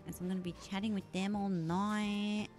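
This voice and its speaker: A woman's voice: mid-range voice, little pitch movement, normal speed, over music. A woman with a sore voice, chatting casually with her live-stream audience while gaming, swearing freely and grumbling.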